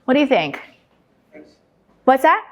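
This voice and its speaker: A woman's voice: sits high, a little slow. A woman lecturer giving an interactive talk. She quizzes the audience, repeats their answers back and tells anecdotes, often checking in with "right?" and "okay?". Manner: lively anecdotal storyteller with frequent "right?" and "okay?". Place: large lecture hall. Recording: long hall reverb.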